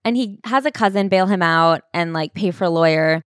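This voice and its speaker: Low-voiced woman summarizing a book. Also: a little fast, no room sound, studio quality. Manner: conversational summarizing with frequent "like". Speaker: podcast co-host. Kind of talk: casual book-club chat.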